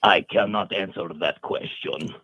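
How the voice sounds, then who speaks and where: A man's voice: sits low, fairly even intonation, measured pace, dry recording, muffled recording. A man on a call-in show putting on a fake Russian accent to play a cagey hijacker who speaks broken, clipped English. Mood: cagey deadpan. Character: male caller posing as a hijacker, cagey and deadpan. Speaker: caller.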